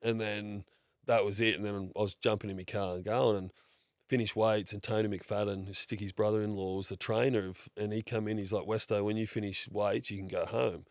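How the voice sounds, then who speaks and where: An Australian man in his thirties, guesting on a podcast, tells stories in a blokey, casual way, swearing freely and acting out what other people said. His voice is on the low side, flat and fairly quick, captured in clean studio sound with no echo.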